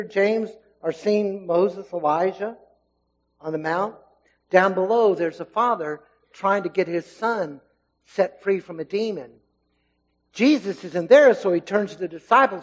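A man preaching a sermon in a church. He talks in an animated way, swinging between loud and hushed, and acts out the voices of the people in the story. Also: sits high, poor audio.

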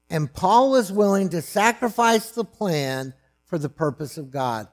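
A man preaching a sermon, swinging from loud, emphatic lines to hushed, low asides. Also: animated, unhurried.

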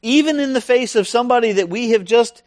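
A middle-aged man preaching a sermon in a conversational, animated way, often asking his listeners questions. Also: extremely high pitch, fast talker, no room sound, clean studio sound.

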